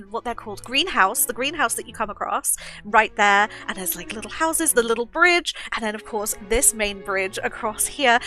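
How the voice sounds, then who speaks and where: A woman chatting casually through a merch unboxing, gushing and excitable, with squeals and giggles. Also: on the high side. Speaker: unboxing vlogger.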